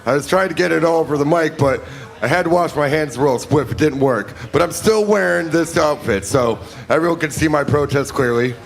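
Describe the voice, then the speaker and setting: A man's voice: a little high, fairly quick, creaky. A man doing a rambling, self-mocking stand-up set. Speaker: stand-up comic. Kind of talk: stand-up routine.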